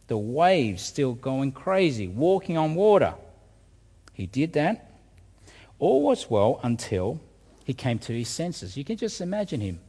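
A man's voice: mid-range voice, dark tone, breathy edge. A man preaching a sermon, asking rhetorical questions and often repeating words as he restarts. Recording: reverberant hall.

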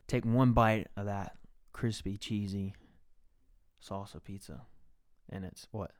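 A man's voice: fairly low pitch, steady tone, takes it slowly, a little mellow, no room sound, studio quality. A young man hosting a podcast, telling a rambling, profane story in casual chat. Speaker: podcast host.

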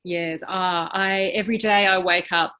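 A woman, a podcast guest answering in an earnest, heartfelt way with halting restarts. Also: lowish voice, fairly even intonation, pushed and bright. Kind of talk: reflective interview answers.

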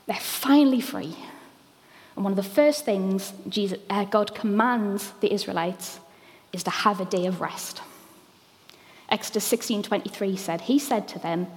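A woman in her thirties delivers a sermon in a warm, candid, conversational way, sprinkled with ums. Her voice sits at a middle pitch. A long hall reverb trails behind each phrase. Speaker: preacher.

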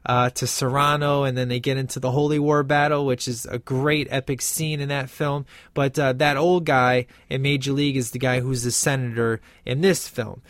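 Reviewing a film casually, this man speaks at normal speed with hardly any pauses, his medium-pitched voice a bit bright and fairly flat. There's no room sound, and he rambles with plenty of "uh" and "you know" while quoting lines from the movie.

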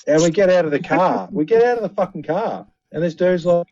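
A man's voice: a little high, animated, fairly quick, hardly any pauses, warm tone, dry recording, highs cut off. A man telling a story in casual banter, swearing heavily. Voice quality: heavy swearing, laid-back.

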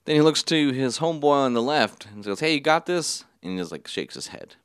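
Laid-back young man with a lively, clear voice. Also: medium pitch, a little fast, dry recording, clean studio sound. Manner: laid-back, rambling, laughs often, swears casually. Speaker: podcast host. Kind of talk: casual solo podcast storytelling. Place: small studio.

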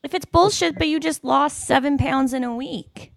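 A woman's voice: sits high, normal speed, gravelly, no echo, clean studio sound. A woman hosting a casual chat, blunt and teasing, who swears casually.

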